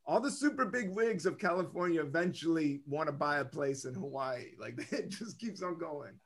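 A man's voice: on the high side, animated, normal speed, fairly bright tone. A man hosting a casual podcast over a video call, upbeat and rambling, with a sing-song delivery. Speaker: podcast host.

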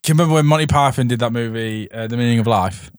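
A man's voice: mid-range voice, very fast, clear, resonant tone, no room sound, clean studio sound. A man co-hosting a podcast, trading film puns in a casual, laughing chat. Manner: joking, pun-making, laughs often. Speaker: podcast co-host.

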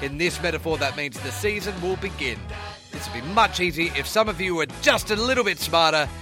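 A man's voice: fairly high pitch, lively intonation, pushed and bright, soft background music. A young adult man hosting a podcast in a casual, jokey, upbeat manner. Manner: upbeat, jokey, quick asides. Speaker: podcast host.

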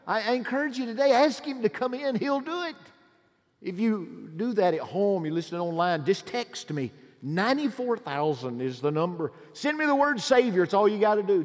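A middle-aged pastor giving a pleading altar call and prayer in a large church, swinging between loud urges and hushed appeals. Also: male voice, high-pitched. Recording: long hall reverb.

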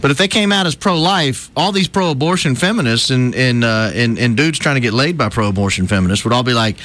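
A man's voice: mid-range voice, fairly quick, hardly any pauses. A man hosting a talk radio show, chatting animatedly and slipping into mocking voices as he tells a story. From not from Alabama. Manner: animated, puts on mocking voices while telling stories.

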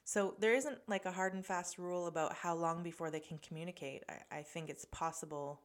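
A woman hosting a podcast, talking in a chatty, earnest way with soft laughs and restarts. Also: on the low side, fairly even intonation, a little fast. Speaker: podcast host and medium. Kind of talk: casual podcast monologue.

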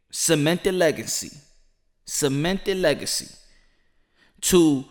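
Animated man ranting on his podcast. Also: high voice. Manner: animated, preachy, repeats himself for emphasis. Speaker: podcast host. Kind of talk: casual monologue.

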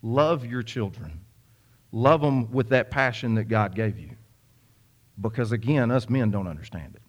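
A man's voice: mid-range voice, a little slow, lo-fi sound. A young man preaching a sermon, telling a folksy story with many repeats and asides to the congregation. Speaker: pastor.

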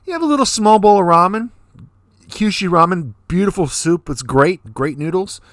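A man's voice: high-pitched, lively intonation, moderate pace, fairly bright tone, dry recording, studio quality. A man co-hosting a podcast, telling casual stories in a laid-back, profane way. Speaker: podcast co-host. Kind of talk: casual chat. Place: Fukuoka, Japan.

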